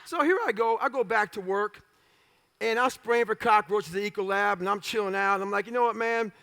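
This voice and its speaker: A man with a strikingly high, gravelly voice tells his story in short, blunt, profane bursts. His delivery is forceful, with sudden loud outbursts. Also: steady tone, a little fast. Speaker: motivational speaker. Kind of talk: storytelling talk.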